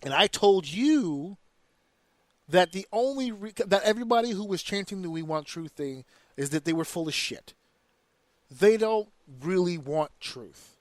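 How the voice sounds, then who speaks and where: A man's voice: sits high, expressive, moderate pace, no echo. Man ranting, profane and heated. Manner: profane, heated opinionated rant; slips into slang and mimicked voices. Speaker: podcast host. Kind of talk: casual wrestling commentary.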